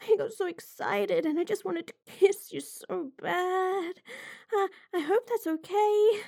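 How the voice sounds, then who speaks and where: Girl doing a needy puppy-girl, whimpery, mellow and a bit gravelly, dry close sound. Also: extremely high pitch, a little slow, dry recording, heavily acted. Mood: eager. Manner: whimpering, giggly, breathless. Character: eager young puppy-girl, fawning and submissive. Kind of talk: adult audio role-play.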